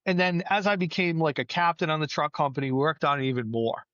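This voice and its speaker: Give me a middle-aged man telling stories from the fire service in a slightly higher voice, with a dull, lo-fi tone. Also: fast talker, no echo. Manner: storytelling, animated, plainspoken with mild swearing. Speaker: battalion chief, guest. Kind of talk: casual podcast conversation.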